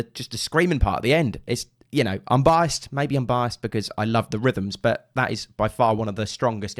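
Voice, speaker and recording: A man's voice: lowish voice, no room sound, clean studio sound. A young man with a Suffolk accent talks casually and rambles while he reacts to music, humming drum rhythms in between. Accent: Suffolk English. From England (Suffolk). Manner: chatty and rambling, enthusiastic bursts, hums drum rhythms. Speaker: drummer reacting to anime openings. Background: faint music from the videos.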